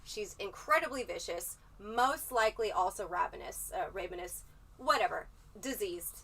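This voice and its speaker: Bright, sharp-toned woman streamer, far from mic. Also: medium pitch, normal speed, gravelly, breathy edge. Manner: profane, rambling, animated storytelling. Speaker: livestreamer. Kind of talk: casual livestream chat.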